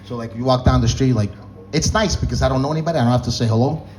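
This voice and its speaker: A man's voice: medium pitch, rapid-fire, background noise. Man, stand-up comic from the North End, loose profane storyteller, slightly out of it. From Boston North End. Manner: rambling, profane, laughing at own jokes. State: groggy on antihistamine. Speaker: stand-up comedian.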